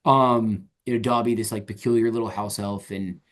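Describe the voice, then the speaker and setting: A man co-hosting a casual movie podcast, relaxed and hesitant, filling gaps with ums and letting his sentences trail off quietly. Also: on the low side, normal speed. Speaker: podcast co-host.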